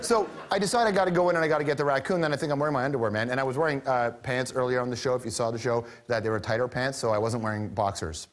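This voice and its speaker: Animated self-mocking talk show host man. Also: mid-range voice, very fast, few pauses. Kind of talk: comic storytelling monologue.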